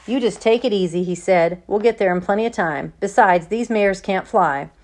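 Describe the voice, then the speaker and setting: An easygoing farm father who jokes and laughs things off, read by a woman. The voice sits at a middle pitch, close to the reader's own. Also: normal speed, lightly acted. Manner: relaxed, joking.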